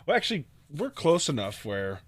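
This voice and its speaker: A man co-hosts a loose sports podcast and talks with a sharp, bright edge. He swears often and needles the others, and his voice sounds dry and close to the mic. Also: on the high side, big pitch swings, normal speed, husky, dry recording. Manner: profane and teasing. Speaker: podcast co-host. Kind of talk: casual sports chat.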